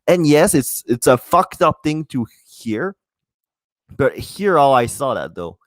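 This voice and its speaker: A man talks alone into a close podcast mic in a mid-pitched voice, rambling and cursing freely. He stops and restarts his sentences often. The sound is dry, with no room around it. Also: big pitch swings, unhurried, dry recording. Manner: rambling, profane, many false starts. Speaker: podcast host. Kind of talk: solo podcast monologue.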